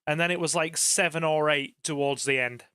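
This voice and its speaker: Bright, clear-voiced man streaming. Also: on the high side, brisk, no echo, clean studio sound. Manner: chatty, talks straight to viewers, bursts into excitement. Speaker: gaming streamer. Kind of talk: casual live-stream chat over gameplay.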